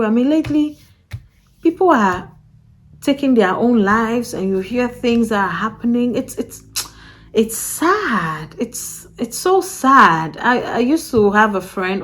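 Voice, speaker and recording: A woman talking casually to camera as a vlogger, animated and repetitive, often acting out other people's voices with a laugh. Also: lowish voice. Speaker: vlogger and podcast host.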